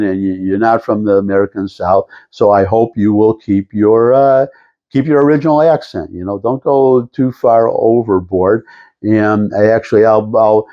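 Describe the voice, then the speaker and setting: A man's voice: lowish voice, muffled recording. An older man talking to camera in a rambling, meandering monologue with lots of restarts and asides. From Detroit area. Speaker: vlogger.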